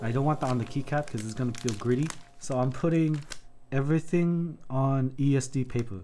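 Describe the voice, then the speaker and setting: A man's voice: mid-range voice, fairly quick, mellow. Chatty man with music behind. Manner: laughs often, swears freely, rambles. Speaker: keyboard-building streamer. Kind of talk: casual stream chat while building. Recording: background music under voice.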